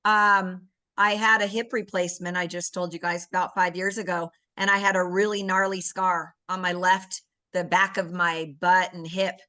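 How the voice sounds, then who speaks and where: A woman's voice: on the low side, level tone, normal speed, bright, forceful tone. A woman sharing an earnest, emotional personal testimonial on a video call. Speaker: guest giving a testimonial.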